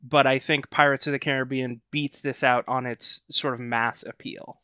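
A wry, playful man with a bright, smooth and resonant voice chats on a podcast. He mocks himself with good humor and laughs at his own lines. His mic sounds dry and a little dull, as if lo-fi. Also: mid-range voice, fairly even intonation, normal speed, dry recording. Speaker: podcast co-host. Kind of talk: casual chat.

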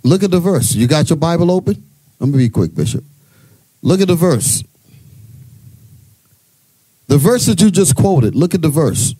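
A man's voice: on the high side, sing-song, normal speed, pauses often, dark tone, breathy edge, no room sound. A man leading a bible study, stopping readers and quizzing the group. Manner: quizzing, commanding. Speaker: church leader.

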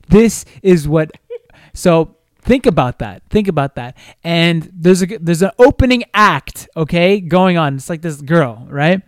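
A young man on a podcast telling a long, animated story in casual chat, swearing freely and restarting his sentences often. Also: fairly high pitch, unhurried, no room sound, studio quality. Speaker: podcast co-host.

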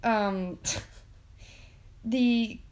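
A woman's voice: fairly high pitch, fairly even intonation, extremely slow, a little mellow. A young woman co-hosting a casual podcast chat, telling stories in a rambling way full of "like" and frequent laughter. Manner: chatty storyteller, heavy use of "like", laughs often. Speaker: podcast co-host.

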